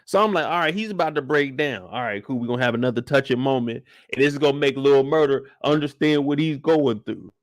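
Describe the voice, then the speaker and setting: A young man, recapping a TV episode alone in loud, slangy, excitable storytelling with acted-out reactions. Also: mid-range voice, quick pace, hardly any pauses, no room sound, studio quality. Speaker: show recap host. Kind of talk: animated solo recap of a TV episode.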